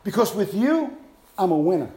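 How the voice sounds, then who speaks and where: A man preaching a sermon, swinging from soft, hushed passages to loud, shouted climaxes. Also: high-pitched, sing-song, moderate pace.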